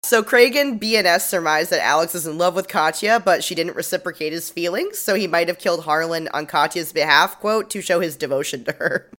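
A woman's voice: on the low side, fairly quick, hardly any pauses, fairly bright tone. A woman co-hosting a podcast, telling the plot in an exasperated, sweary way with mock-dramatic quotes. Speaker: podcast co-host. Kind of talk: casual comedic recap.

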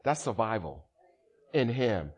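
Slow and fairly low-pitched with a breathy edge, a pastor gives a lively, funny sermon in church, bantering with the congregation and shouting for emphasis. The highs are cut off in the recording.

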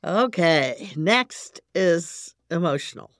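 Gravelly-voiced woman host. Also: lowish voice, animated, slow, no echo, clean studio sound. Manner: gentle, repeats words when starting sentences. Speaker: podcast host. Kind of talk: conversational interview.

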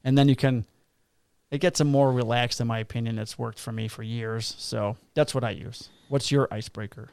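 A man's voice: medium pitch, fairly even intonation, normal speed, vocal fry, darkish tone, smooth, no echo. A middle-aged man, a police officer co-hosting a podcast, joking and laid-back, swearing casually.

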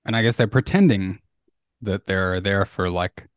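Sex: man. Role: podcast co-host. Pitch: somewhat low. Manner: loose and chatty with "uh" and "like" fillers. Sound: dry, close mic. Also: normal speed, no echo. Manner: casual, with "uh" and "like" fillers and light laughs. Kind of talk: casual podcast conversation.

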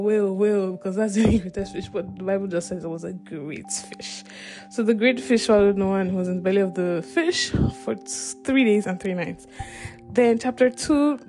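A woman's voice: mid-range voice, a little mellow. Chatty woman retelling a Bible story. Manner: chatty, laughs often, many "you know" fillers. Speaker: Bible study leader.

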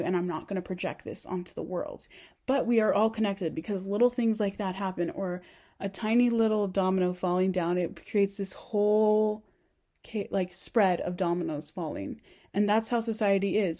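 A woman's voice: mid-range voice, dark tone. A young adult woman giving an earnest, rambling self-help monologue to camera, full of "like" fillers. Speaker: vlogger.

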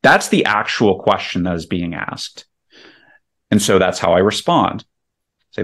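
A man's voice: low-pitched, expressive, moderate pace. A man guesting on a podcast, explaining sales tactics emphatically and walking through scenarios step by step. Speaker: real estate investor guest.

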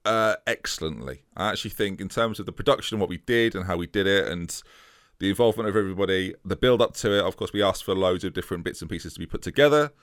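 A man's voice: sits low, fast, a bit bright, dry recording. A man co-hosting a casual podcast, answering with dry, wry humor. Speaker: podcast co-host and tournament organizer.

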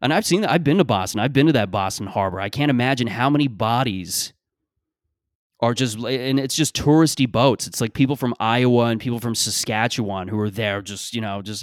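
A man's voice: medium pitch, brisk, no room sound, studio quality. A man around thirty hosting a solo podcast, rambling, sarcastic and profane in casual talk. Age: 30s. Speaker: podcast host.

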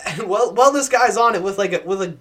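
A man's voice: sits high, fast talker, sharp tone. A young man in casual podcast chat, telling a wild story with laughter and swearing. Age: young adult. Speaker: podcast co-host.

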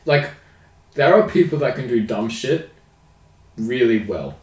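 A man's voice: medium pitch, expressive, a little slow, a little mellow, distant mic. A young Australian man co-hosting a casual podcast, laid-back and sweary, with dry jokes. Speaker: podcast co-host. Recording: echoey room, off-mic.

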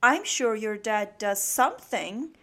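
A woman's voice: medium pitch, expressive, takes it slowly, pushed and bright, heavily acted. A woman voicing Max, a cheerful young male animal friend in a storybook. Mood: chirpy. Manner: chirpy, proud.

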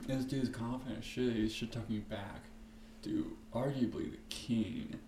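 A man hosting a podcast, talking alone in a profane, rambling and animated way. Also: medium pitch, a little slow. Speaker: podcast host. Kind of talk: casual solo podcast rant. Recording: echoey room with faint background noise.

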